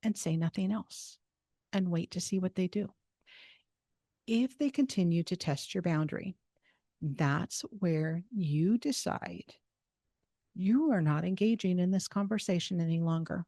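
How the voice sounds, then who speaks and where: A woman hosting a self-help talk, giving steady, instructive advice and repeating phrases for emphasis. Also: on the low side, measured pace, vocal fry, no echo, clean studio sound. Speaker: host.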